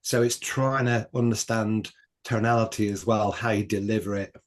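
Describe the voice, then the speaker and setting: A man's voice: on the low side, level tone, normal speed. A man talking as a guest on a casual podcast, reflecting on his own experience with frequent ums. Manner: reflective, shares personal experience with many ums.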